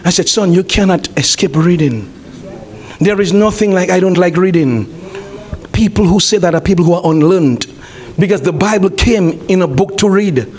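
A man preaching a sermon as pastor, repeating his phrases, calling to the congregation and rising to shouts. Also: high-pitched, normal speed. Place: church.

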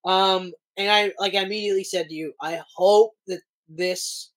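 Animated man telling stories on a podcast. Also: sits high, moderate pace. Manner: animated storyteller who acts out quotes and swears freely. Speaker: podcast co-host. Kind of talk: casual chat.

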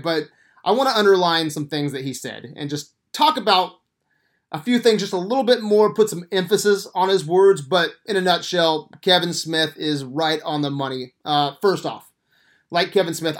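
A man's voice: on the high side, moderate pace. A man hosting a podcast, reviewing a movie in a casual, rambling way with lots of swearing and enthusiasm. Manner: profane, enthusiastic, rambling with fillers. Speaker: podcast host.

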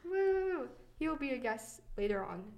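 Young woman podcast host, giggly and chatty, slightly high voice, lots of "like". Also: very animated, normal speed, highs cut off. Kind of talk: casual chat, storytelling.

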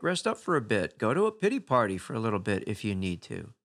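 A man's voice: medium pitch, very animated, moderate pace, a bit bright. A man giving a reflective motivational talk in a conversational way, posing rhetorical questions to the listener. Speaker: motivational speaker.

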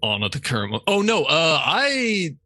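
Bright-voiced man playing a Jedi. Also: fairly high pitch, huge pitch swings, moderate pace, no echo. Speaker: player. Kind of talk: in-character role-play and table chat.

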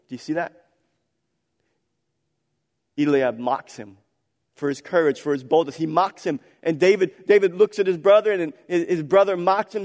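A male preacher delivers an impassioned sermon, piling up repeated phrases and rhetorical questions. His voice sits fairly high for a man. Long reverb trails after each phrase, as in a large hall. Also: darkish tone.

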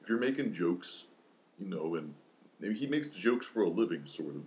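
A man's voice: low-pitched, animated, moderate pace, darkish tone. A man co-hosting a podcast in casual discussion, blunt and wry. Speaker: podcast co-host.

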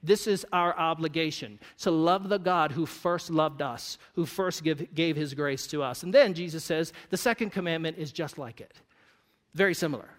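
A man's voice: fairly high pitch, moderate pace. A man preaching a sermon, conversational and joking with the congregation. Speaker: pastor. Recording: long reverb of a church hall.

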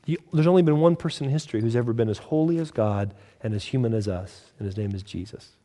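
A man preaching a sermon in a conversational, storytelling way, acting out the characters with lively quotes. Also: medium pitch, quick pace.

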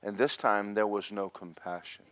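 Man preaching with loud bursts and hushed asides. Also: fairly low pitch, steady tone, moderate pace, slight background noise. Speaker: pastor. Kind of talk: sermon.

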